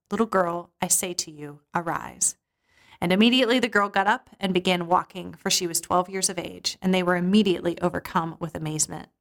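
Woman preacher, scripture reading and expressive storytelling. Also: mid-range voice.

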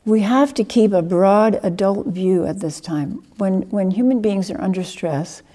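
A woman teacher giving a dharma talk with a fairly low, mellow voice. She speaks gently and earnestly, at a measured pace, leaning on words for emphasis. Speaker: Buddhist teacher.

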